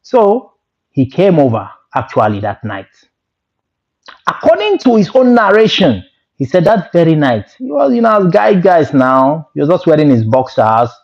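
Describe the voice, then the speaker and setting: A man with a Nigerian accent telling a story in a casual, animated way, with laughs and Pidgin asides. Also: on the high side, normal speed. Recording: lo-fi dull sound.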